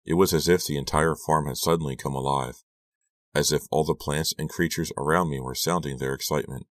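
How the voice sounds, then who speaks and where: In clean studio sound without echo, a very deep-voiced man narrates a scripted story for an audiobook. He keeps his storytelling steady and measured.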